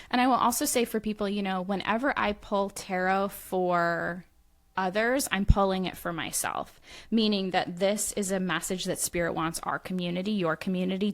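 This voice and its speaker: A woman, a guest medium reading tarot, talking in a chatty, musing way on a casual podcast. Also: medium pitch.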